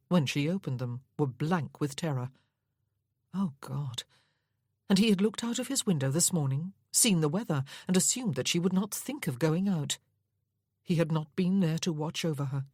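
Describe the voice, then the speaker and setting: A woman reads a Regency romance aloud with steady, measured storytelling. Her voice sits low with a husky, breathy edge, recorded dry and close. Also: no echo. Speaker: audiobook narrator.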